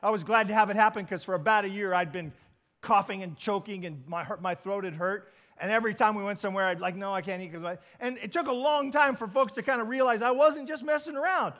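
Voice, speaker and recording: High-voiced pastor preaching with animated swings. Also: male voice, fast. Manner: animated storytelling, swings from loud to quiet. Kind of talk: sermon.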